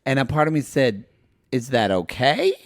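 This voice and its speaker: A man co-hosting a podcast, chatting in a loose, rambling way. His voice is mid-pitched and lively, rising and falling often. The recording is dry and close. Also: normal speed, no room sound. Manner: chatty, rambling, with frequent likes and restarts. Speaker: podcast co-host. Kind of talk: casual chat.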